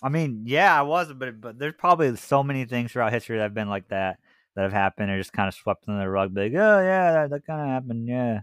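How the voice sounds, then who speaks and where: A man's voice: medium pitch, steady tone, fast, fairly bright tone, no room sound, clean studio sound. A man co-hosting a casual podcast from home, wry and joking, poking fun at his co-host. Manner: wry, joking, does mocking impressions. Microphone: home mic, off camera.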